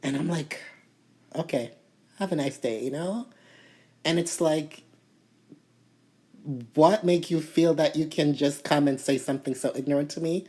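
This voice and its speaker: A woman from Toronto telling a story to camera in a casual, animated way, full of "you know" fillers and indignation. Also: low-pitched, measured pace, long pauses, slightly rough. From Toronto, Canada. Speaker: vlogger.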